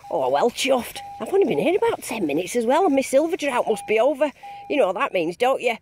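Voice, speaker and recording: A woman vlogging a metal detecting dig outdoors, chatting in a bubbly, excitable way and repeating herself in delight. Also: on the high side, fast talker, a little hiss or hum. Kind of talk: excited casual running commentary.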